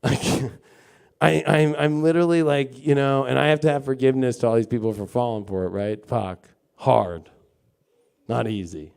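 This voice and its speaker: A man's voice: mid-range voice, steady tone, moderate pace, vocal fry, darkish tone, smooth. A man giving a casual live-stream tarot and astrology reading, rambling, swearing freely and acting out mocking quotes. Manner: rambling, filler-heavy talk.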